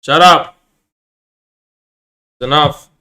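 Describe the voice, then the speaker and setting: A man's voice: fairly high pitch, takes it slowly, very noisy. Profane boisterous male streamer ranting. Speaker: livestreamer. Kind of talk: ranting livestream monologue.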